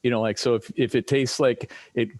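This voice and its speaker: A man in casual chat over drinks, telling rambling stories with lively quoted voices as a podcast guest. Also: mid-range voice, brisk, no room sound.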